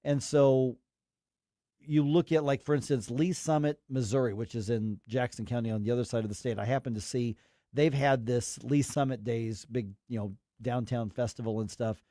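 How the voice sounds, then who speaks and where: A man's voice: medium pitch, fairly even intonation, moderate pace, mellow, no room sound, studio quality. A man hosting a talk radio show, giving emphatic, rambling opinions with acted quotes.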